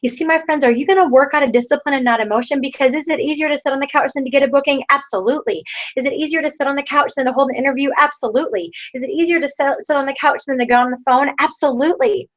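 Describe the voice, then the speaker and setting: Woman in her thirties, high voice, rousing sales pep talk, lo-fi video-call sound. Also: rapid-fire, fairly bright tone. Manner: rousing, repeats rhetorical questions. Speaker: sales team leader. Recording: dull lo-fi online video call.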